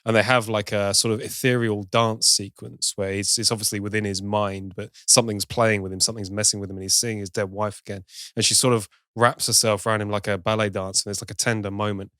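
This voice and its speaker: A man's voice: on the low side, little pitch movement, quick pace, bright, forceful tone, smooth, dry recording, studio quality. A man co-hosting a film podcast, chatting casually, swearing and laughing at bad films. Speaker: podcast co-host.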